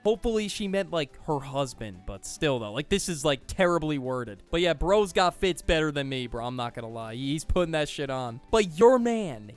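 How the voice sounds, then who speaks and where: Young male host, raised-pitch voice, casual slangy incredulous reaction commentary. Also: animated, a little fast, few pauses, clean tone, soft background music. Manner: incredulous, slangy, says bro a lot.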